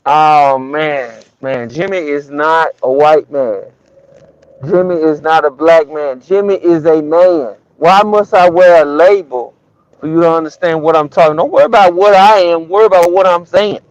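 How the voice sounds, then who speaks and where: A man's voice: a little high, moderate pace, clean tone, no room sound, lo-fi sound. A man from Alabama, calling in to a talk show and making his point with emphatic, preachy rhetorical questions. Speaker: caller. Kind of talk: call-in show chat.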